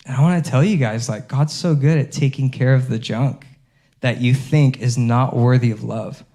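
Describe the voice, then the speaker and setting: A man pastor giving a sermon in a relaxed, conversational way, with many fillers and restarts. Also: medium pitch, moderate pace. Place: church.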